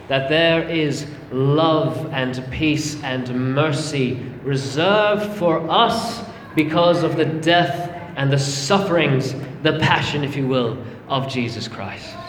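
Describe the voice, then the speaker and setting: A man's voice: a little high, fairly bright tone, a little hiss or hum. A man preaching a sermon, earnest and emphatic, calling his listeners friends. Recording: echoey hall with long reverb, faint ambience.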